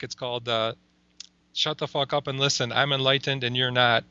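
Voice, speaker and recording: A man's voice: mid-range voice, fairly even intonation, normal speed, sharp tone, smooth, no room sound, muffled recording. A man who makes comedy videos, talking casually as an interview guest, rambling with lots of fillers and frequent laughter.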